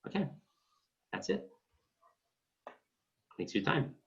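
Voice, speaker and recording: A man's voice: takes it slowly, fairly bright tone. A man coaching realtors, blunt and emphatic, acting out phone calls with clients. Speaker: real estate coach. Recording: dull lo-fi sound.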